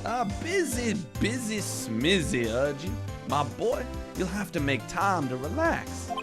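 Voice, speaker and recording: Guy doing a sly southern police chief, slow deliberate drawl pitched up high and bouncy, game music under it. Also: wildly swooping pitch, full character voice. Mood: jovial. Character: sinister smooth-talking older male police chief.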